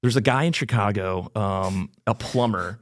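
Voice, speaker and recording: A young sales rep telling work stories in a relaxed podcast chat, full of ums and small laughs. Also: male voice, lowish voice, moderate pace. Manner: relaxed storyteller with fillers and laughs. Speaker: new business development rep, guest.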